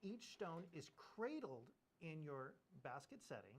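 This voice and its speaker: A man's voice: a little high, very animated, a little slow. A man co-hosting a live jewelry shopping presentation, explaining gem sources and craftsmanship in detail.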